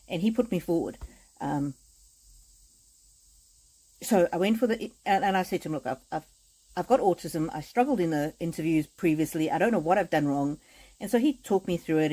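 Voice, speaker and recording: On a low-quality live stream, a woman with a lowish voice chats with viewers as an oracle card reader. She offers gentle, repetitive affirmations and hesitates frequently.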